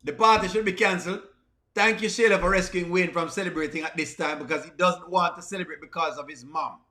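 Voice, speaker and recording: Reacting to comedy skits for livestream viewers, this high-voiced Jamaican man talks fast with a bright, sharp edge while the room echoes. His commentary is casual, pleading and repetitive, mixing patois with plain speech.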